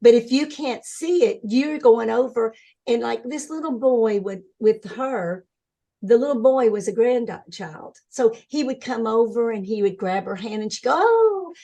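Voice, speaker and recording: A woman's voice: a little high, unhurried. Earnest older woman telling a story. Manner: earnest, animated storytelling, acts out quoted voices. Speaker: interview guest. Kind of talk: conversational interview.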